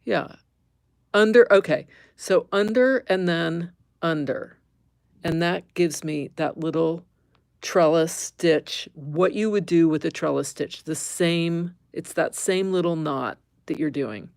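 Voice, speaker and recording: Slow, gravelly-voiced woman demonstrating stitches. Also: lowish voice, a little mellow, no echo. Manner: thinks aloud, self-correcting, chatty asides to viewers. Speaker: embroidery teacher. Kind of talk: live-streamed stitching demonstration.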